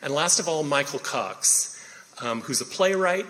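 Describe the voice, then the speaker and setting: A man introducing the cast of a play reading, halting with many pauses and fillers. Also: fairly high pitch, animated, sharp tone, a little hiss or hum. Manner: halting, many ums and uhs. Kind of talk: casual spoken introduction. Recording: reverberant hall.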